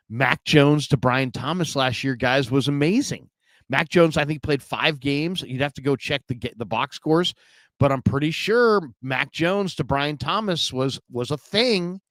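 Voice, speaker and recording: A man's voice: medium pitch, a bit bright, no echo. A man hosting a solo sports livestream, chatting in a rambling, casual way with lots of fillers. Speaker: podcast host.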